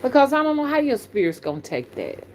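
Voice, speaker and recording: Speaking fast in a high voice over slight background noise, a Southern-accented woman from the American South hosts a casual live stream. She's a spiritual reader and channel host whose folksy, animated style includes calling her viewers y'all.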